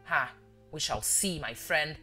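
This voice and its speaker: A woman voicing an agitated older man, a father who stammers and shouts. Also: low voice, animated, takes it slowly, soft background music, exaggerated voice. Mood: defiant.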